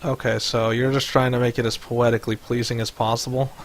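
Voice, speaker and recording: A man's voice: medium pitch, little pitch movement, brisk. A man running a tabletop game as game master over voice chat, rambling with many fillers. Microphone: headset or desk mic on voice chat.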